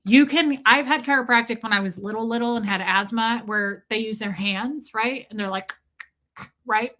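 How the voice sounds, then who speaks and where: A woman's voice: fairly high pitch, moderate pace, bright, forceful tone. A woman hosting a livestream, telling a story in a candid, chatty way, swearing freely and answering viewer comments. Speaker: livestream host.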